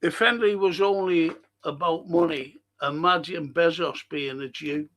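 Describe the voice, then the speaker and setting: A man's voice: a little high, measured pace, a bit bright, lo-fi sound. An older man hosting a live podcast, reacting bluntly to a football match, swearing and urging the players on while reading out chat messages.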